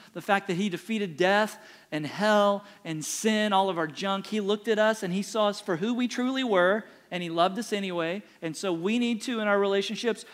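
A middle-aged male pastor delivers a sermon with a fairly high-pitched voice. He speaks emphatically and repeats short phrases to hammer each point home.

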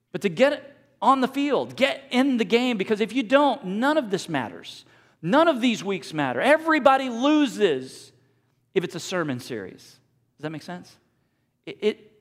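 A man in his forties with a fairly high voice delivers a sermon in a church sanctuary. He talks in a conversational, animated way and catches and corrects himself as he goes. His voice rings out with a long hall reverb behind it. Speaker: pastor.

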